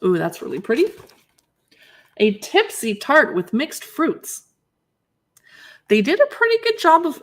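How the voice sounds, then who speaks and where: A woman's voice: on the high side, creaky. Woman, livestream shopping host, casual chat, reads recipe names aloud, short reactions, greets viewers.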